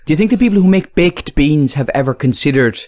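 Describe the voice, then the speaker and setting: A man's voice: on the high side, quick pace, no room sound. A man with an Irish accent, a guest comedian riffing on a comedy podcast. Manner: animated, riffing, bursts into put-on voices.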